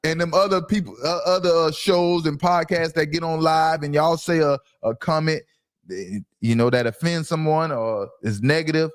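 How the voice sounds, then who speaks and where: A man hosting a casual sports talk livestream from home, loud and brash, trash-talking his commenters. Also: fairly high pitch, moderate pace. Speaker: podcast host.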